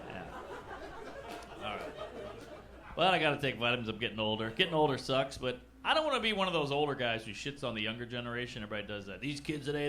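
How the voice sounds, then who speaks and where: 40s guy doing standup, chatty punchy delivery, live club recording with noise behind. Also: mid-range voice. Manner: conversational, punchy, self-deprecating delivery. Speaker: stand-up comedian. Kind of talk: stand-up comedy set. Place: comedy club stage. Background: audience laughter.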